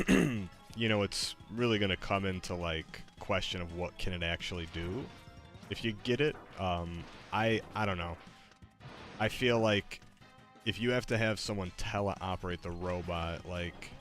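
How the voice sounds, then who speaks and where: A man streaming live, chatting in a relaxed, hesitant way full of fillers. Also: sits low, unhurried, faint music behind. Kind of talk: casual live-stream chat.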